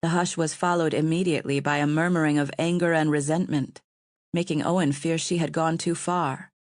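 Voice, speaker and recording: Low-voiced woman audiobook narrator. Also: steady tone, fairly quick, dry recording, studio quality.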